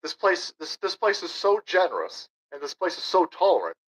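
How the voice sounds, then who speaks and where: A man's voice: sits high, big pitch swings, a little fast, fairly bright tone. A man in his thirties hosting a livestream, ranting sarcastically and combatively and reading viewer chat aloud. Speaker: political livestream host. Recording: dull lo-fi stream audio.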